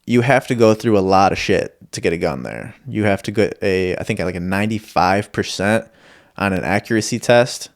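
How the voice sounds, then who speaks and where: A young man from Michigan hosting a podcast, telling stories in a profane, rambling, self-deprecating way. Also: on the low side. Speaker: podcast host. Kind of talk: casual storytelling monologue.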